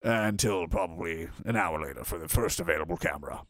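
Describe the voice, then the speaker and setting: A man's voice: sits low, a little fast, no echo. Man, livestream host, casual profane rant, sarcastic, dry close sound. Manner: profane, sarcastic, animated, slips into mocking voices. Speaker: livestream host reading chat. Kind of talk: casual ranting chat.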